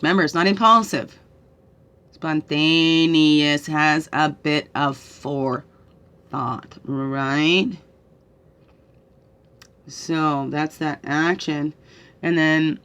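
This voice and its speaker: A woman's voice: low voice, a bit bright. A middle-aged woman, tearful, leading a reflective spiritual guidance talk as a tarot reader, coaxing listeners with questions and a constant "right?".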